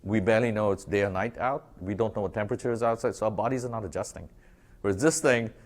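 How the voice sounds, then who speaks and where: A man giving a conversational talk to an audience, animated and acting out bits of dialogue as he tells stories about his branding work. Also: on the low side, quick pace. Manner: animated storytelling, acts out dialogue. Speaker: speaker presenting branding work.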